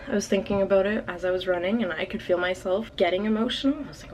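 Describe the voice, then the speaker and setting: A woman's voice: mid-range voice, fast talker, few pauses, darkish tone, a little hiss or hum. A young woman in her late teens, talking through a casual video diary in a rambling way, full of "like" and "um". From Canada. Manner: rambling, filler-heavy, frequent "like" and "um". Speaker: vlogger.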